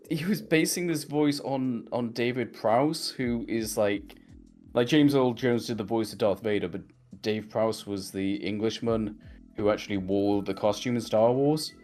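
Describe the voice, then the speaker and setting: A man's voice: medium pitch, a little mellow. A man co-hosting a podcast, chatting loosely about a cartoon series, rambling and swearing casually. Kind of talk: casual chat.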